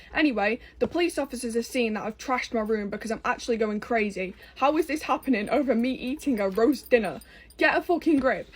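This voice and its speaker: A woman's voice: a little high, a little mellow. A young woman with an English accent telling a personal story in a casual, blunt way, swearing freely, exasperated and amused.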